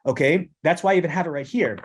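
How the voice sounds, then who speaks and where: A man's voice: a little high, quick pace, breathy edge. A middle-aged man hosting a sales training podcast. He coaches with emphasis and keeps repeating "again" and "okay". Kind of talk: energetic sales training with role-play.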